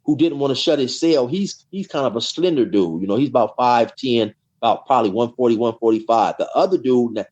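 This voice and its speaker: A middle-aged man tells a long story as an interview guest. He talks casually and rambles, filling his pauses with "you know" and repeating words. His voice sits at a middling pitch, and the recording sounds dull and lo-fi. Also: a little mellow. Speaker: guest telling prison stories.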